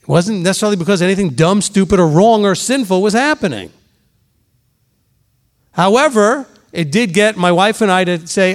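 High-voiced man preaching emphatically. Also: a little fast. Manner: emphatic, repeats for stress, acts out gossiping voices. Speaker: pastor. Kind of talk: sermon.

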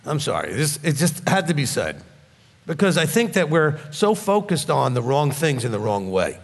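Blunt, animated preacher in his fifties. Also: fairly high pitch, normal speed, creaky, in a large hall. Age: 50s. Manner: blunt, emphatic, scolding. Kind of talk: sermon.

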